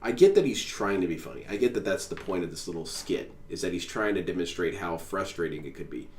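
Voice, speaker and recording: A man's voice: low voice, lively intonation, quick pace, darkish tone. A man streaming a reaction to a clip, ranting with sarcastic, exasperated mockery. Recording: echoey room, mic at a distance, faint noise.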